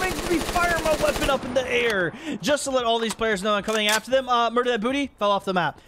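A young man giving lively gameplay commentary, talking to the players and often breaking into laughter. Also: very high voice, fast, hardly any pauses, very noisy. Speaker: gaming YouTuber.

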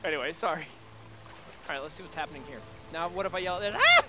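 A man giving goofy, rambling commentary while playing a video game, talking to the creatures on screen and yelling now and then. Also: on the high side, fast talker, very noisy. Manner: goofy, talks to game creatures, sudden yells. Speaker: gameplay video host. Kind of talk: let's play commentary.

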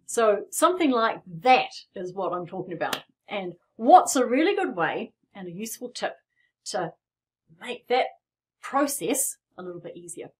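Playing as she talks, a middle-aged piano teacher explains rhythms in a playful, encouraging manner. Her mid-range voice swings widely in pitch, and she keeps a moderate pace over the sound of the piano.

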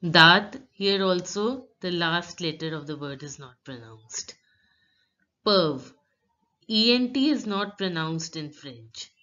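A woman giving a slow, patient pronunciation lesson, her voice bright and a little low. She spells out letters and explains how each sound is said. The recording sounds dull and lo-fi. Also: expressive. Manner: reads French words slowly, then explains each sound carefully. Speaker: French teacher.

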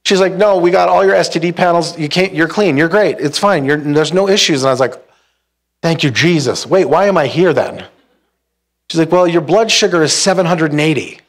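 A young male pastor preaching to a church congregation, telling a story in a lively, comic way. His voice sits a little higher than most men's, and he acts out the dialogue with bursts of laughter. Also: brisk. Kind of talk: storytelling sermon. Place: church hall with live congregation.

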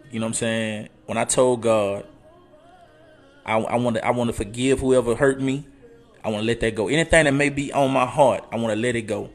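A man in his thirties delivers a fervent motivational talk as an online coach, sinking to low, hushed tones and then climbing loud and high. He repeats phrases and restarts for emphasis and weaves in scripture. Faint music plays underneath. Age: 30s. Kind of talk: motivational talk on a live show.

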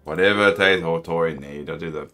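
A man from New Zealand streaming a video game, chatting casually and joking with bursts of excited exclamations. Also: low-pitched, brisk, soft background music. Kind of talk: casual live-stream commentary.

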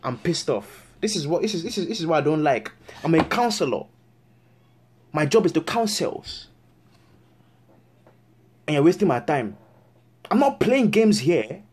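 A man's voice: fairly high pitch, very animated, moderate pace, long pauses, breathy edge. A man making a prank call as a fake counselor, scolding and repeating himself angrily. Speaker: prank caller posing as a counselor.

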